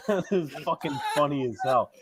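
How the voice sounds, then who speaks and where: A man co-hosting a casual sports podcast, telling stories in a profane, animated way. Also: on the high side. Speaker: podcast host.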